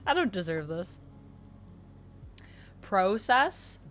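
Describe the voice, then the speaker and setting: A young Canadian woman streaming casually, reading viewer comments aloud and answering them warmly. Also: fairly low pitch, moderate pace. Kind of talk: casual livestream chat.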